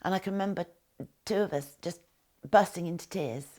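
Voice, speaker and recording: An older woman recalling her time as a war nurse, speaking hesitantly with many pauses and restarts. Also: lowish voice, darkish tone. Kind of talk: spoken recollection to camera.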